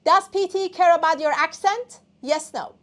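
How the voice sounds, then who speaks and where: A woman's voice: very high voice, normal speed, fairly bright tone. A woman whose first language is Persian, teaching an online English test class, coaxing students and often checking in with "okay?".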